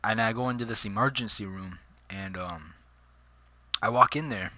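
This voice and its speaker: A man's voice: lowish voice, moderate pace, bright, forceful tone, no room sound. A man telling a personal story in casual, slangy vlog chat, calling his listeners dude and bro. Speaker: vlogger.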